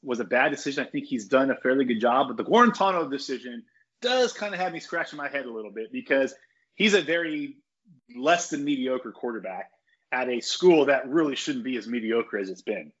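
A man's voice: mid-range voice, lively intonation, brisk, a bit bright, breathy edge, muffled recording. A man giving his opinions on college football in a casual podcast chat. He rambles with restarts and strong takes.

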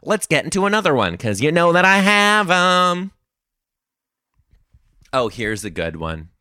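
A young man telling classroom stories as a comedic monologue, sassy and animated, bursting into high-pitched rants. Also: unhurried, clear, resonant tone, no echo, clean studio sound.

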